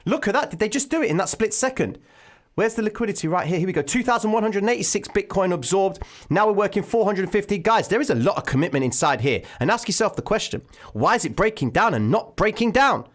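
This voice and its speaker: A man hosting a live trading stream from home, commenting excitedly on the market and calling his viewers ladies and gentlemen. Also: high-pitched, fast talker. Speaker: trading livestream host. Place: home room, daughter present. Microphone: desk microphone.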